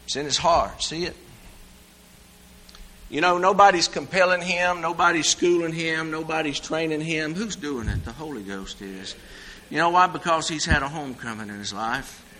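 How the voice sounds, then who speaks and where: A man preaching a sermon in a folksy, animated way, swinging from loud exclamations to hushed asides. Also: a little high, moderate pace, poor audio.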